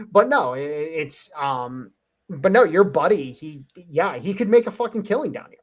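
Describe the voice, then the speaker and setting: A man's voice: on the high side, big pitch swings, measured pace. A man hosting a casual panel chat, telling stories in a rambling way, swearing often and laughing a lot, speaking into a headset. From Cleveland area, USA. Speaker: host.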